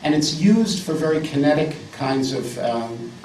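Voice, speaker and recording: A man's voice: a little high, expressive, measured pace, a little mellow, slight background noise. A man in his fifties giving a live lecture as a pianist, emphatic and jokey, repeating words for effect. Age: 50s. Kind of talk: live music lecture with piano examples. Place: salon lecture room indoors. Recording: roomy, distant live recording with piano.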